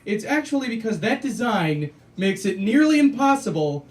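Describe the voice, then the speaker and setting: A man doing a stand-up comedy set on a small cafe stage, dry and deadpan with sudden loud punchlines. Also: sits high, moderate pace, distant mic.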